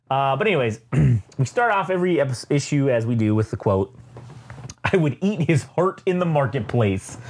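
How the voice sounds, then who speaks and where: In casual chat, a male podcast co-host recaps a comic in a rambling, profane way. His voice sits in the mid-range with a breathy edge.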